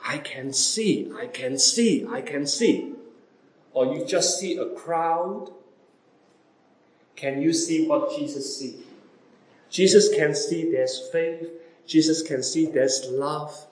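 Slow-speaking preacher man, echoey room. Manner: repeated rhetorical questions to listeners, wide dramatic swings in pitch and loudness. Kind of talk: sermon.

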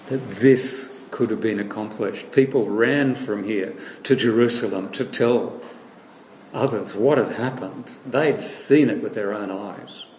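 A man preaching a sermon, retelling a story in a lively way and acting out the voices he quotes. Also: on the low side, echoey room, slight background noise, poor audio.

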